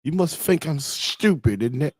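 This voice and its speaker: A man's voice: fairly high pitch, animated, moderate pace, a little mellow, no echo, clean studio sound, pitched above the performer's own voice. A man doing an exaggerated, mocking impression of a crude British bloke with a put-on British accent.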